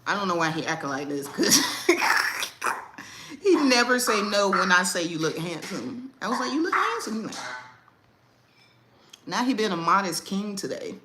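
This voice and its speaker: Lively woman chatting on a livestream. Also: fairly low pitch, normal speed, heavy background noise. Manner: animated, laughs often, slangy. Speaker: livestream host. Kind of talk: casual livestream chat.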